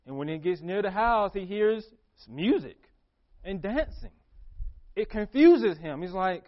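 A man's voice: high voice, lively intonation, unhurried, highs cut off. A man preaching a sermon as pastor, repeating phrases for emphasis and acting out a character's questions.

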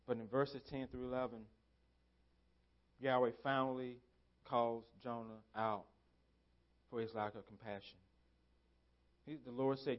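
A pastor preaching a sermon in a church, driving points home with emphatic repeated phrases. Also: male voice, medium pitch, steady tone, unhurried, long pauses, highs cut off. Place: church sanctuary.

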